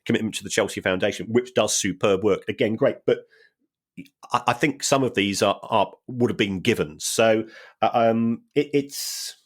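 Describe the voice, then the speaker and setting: Brief: analyst co-host, low voice, wry and measured. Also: male voice. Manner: measured and wry, many restarts and ums. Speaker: podcast co-host, football finance analyst. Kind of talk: casual chat.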